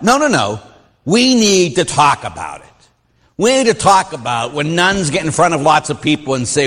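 A middle-aged man, a Catholic priest, teaching a class in an informal, animated way and acting out the voices he quotes. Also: medium pitch, normal speed, slightly rough, in a large hall.

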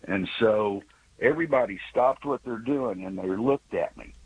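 Older male caller, 60s, low husky voice, earnest and rambling storyteller. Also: animated, moderate pace, low-quality recording. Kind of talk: telling a personal story.

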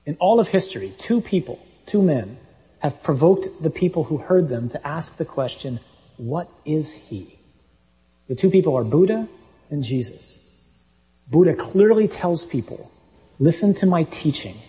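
A man's voice: fairly high pitch, sing-song, normal speed, mellow, rough recording. A man preaching a sermon, reading scripture aloud and making his points with emphatic, punchy delivery.

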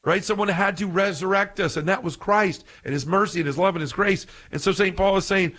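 Slightly high-voiced guy preaching on scripture, excitable and earnest, trips over words. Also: fairly quick, few pauses. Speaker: Catholic podcast speaker. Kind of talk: impassioned scripture teaching.

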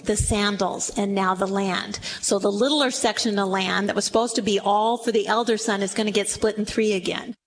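A woman preaching with a high voice, telling the story dramatically and slipping into the voices of the people in it. Faint noise sits behind her as she speaks to a gathered room. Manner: dramatic, acts out quoted voices. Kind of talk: sermon.

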